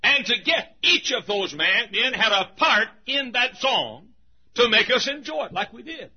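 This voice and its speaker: A man preaching a sermon to his congregation, laughing often and shouting for emphasis. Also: very high-pitched, animated, unhurried. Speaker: pastor. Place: church. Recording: dull lo-fi sound.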